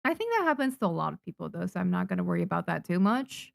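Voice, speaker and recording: A native Japanese speaker from Japan draws manga while chatting casually with her live-stream viewers, excitable and quick to laugh. Her voice is lowish and creaky, with no echo.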